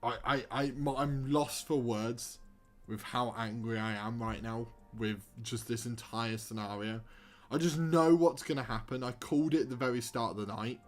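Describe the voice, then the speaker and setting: A man's voice: medium pitch, steady tone, moderate pace, soft background music. A young man streaming a football manager game, commentating live with sarcastic, exasperated rants.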